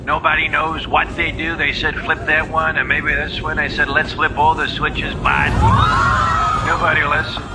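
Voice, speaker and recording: A boastful, rambling older president stuck at the controls of a plane, bragging and complaining in the same breath, as a man does the impression. The voice sits a little high. Loud engine roar fills the background. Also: flat delivery, normal speed, natural voice. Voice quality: rambling, self-pitying bragging. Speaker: impressionist in a political ad. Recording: loud engine noise behind.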